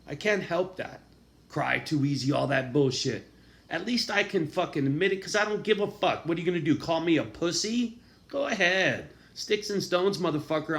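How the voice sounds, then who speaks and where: This vlogger pours out an unfiltered confession laced with constant profanity, his voice swinging from quiet and low to loud, angry eruptions.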